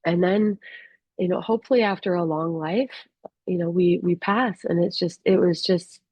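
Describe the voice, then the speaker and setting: Woman, rural doctor, personal storytelling, halting and candid, dry close sound, dull lo-fi audio. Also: on the low side, slightly rough, dry recording. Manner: candid, halting, with many restarts and fillers.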